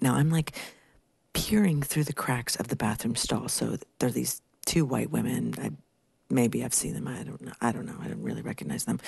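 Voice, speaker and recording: A woman's voice: a bass voice, creaky, darkish tone, breathy edge, no echo. A woman telling a story in a conversational way, often dropping to a whisper. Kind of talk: comic storytelling monologue.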